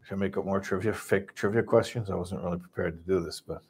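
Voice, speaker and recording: A man from Chicago casually retelling a story, animated and full of restarts, acting out voices. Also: deep voice, fast talker, breathy edge. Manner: animated, acts out voices, many restarts and asides.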